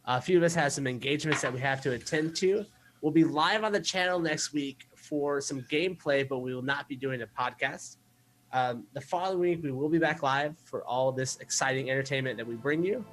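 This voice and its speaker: Higher-voiced man hosting a podcast. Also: a little fast, a little hiss or hum. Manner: relaxed, with filler words. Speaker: podcast host. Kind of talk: casual podcast chat.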